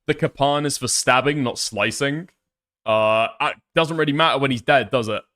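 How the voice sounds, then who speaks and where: A man comments on clips in a loose, mocking tone at an ordinary mid pitch. He swears freely, laughs often, and piles on sarcasm as he reacts. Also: normal speed, bright, forceful tone. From United Kingdom. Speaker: commentary streamer.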